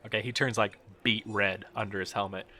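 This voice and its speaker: A man's voice: fairly low pitch, fairly even intonation, a little fast, background noise. A man narrating as game master in a tabletop game, casual and loose. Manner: casual, laughing, filler-heavy narration.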